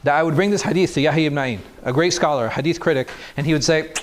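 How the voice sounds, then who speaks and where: Male teacher, fairly high voice, explanatory lecture style that keeps questioning the class. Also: rapid-fire, few pauses. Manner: explanatory, asks the class questions and answers them. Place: mosque classroom.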